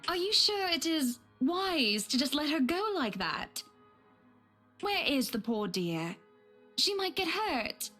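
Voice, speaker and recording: A woman's voice: sits high, sing-song, slow, pushed and bright, faint music behind, heavily acted. An actress voicing a pompous, fussy wealthy woman in a game, calling people "dear". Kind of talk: voiced game dialogue.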